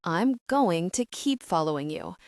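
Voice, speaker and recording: A woman reading the lines of a stubborn male bounty hunter in an audiobook, in a low, gruff manner. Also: expressive, a little slow, darkish tone, no room sound, studio quality. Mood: earnest. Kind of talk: audiobook dialogue.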